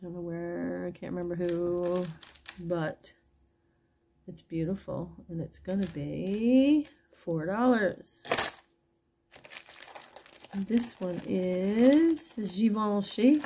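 Casual online seller, woman, gravelly low-energy delivery, unhurried, chatty. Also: mellow, a little hiss or hum. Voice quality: gravelly, husky. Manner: chatty, pricing each piece aloud as she goes. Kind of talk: casual live sales chat.

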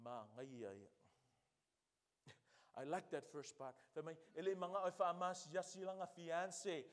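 High-voiced Samoan-accented pastor. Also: male voice, fairly quick. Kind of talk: sermon. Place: church.

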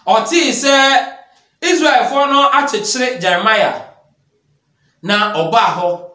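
A man's voice: extremely high pitch, slow pace, pushed and bright, reverberant. A man with a Ghanaian accent preaching an emphatic sermon, mixing Twi and English in a declamatory manner.

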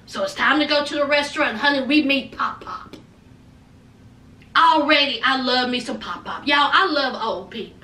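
Woman, very high-pitched, sassy gossipy recap host, echoey distant room. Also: expressive, normal speed, pushed and bright. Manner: sassy, gossipy, lots of "honey" and "child". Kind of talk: casual recap commentary.

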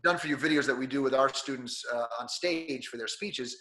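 Being sick gives this interview guest a slightly nasal edge, but his tone stays bright and forceful. He talks a little fast at medium pitch, coaching listeners on performing with lively energy and frequently acting out other people's words in a conversational exchange.

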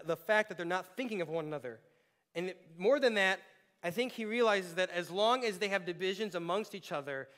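A man's voice: high-pitched, a bit bright. A male pastor giving a sermon in a conversational way, with playful asides to the congregation.

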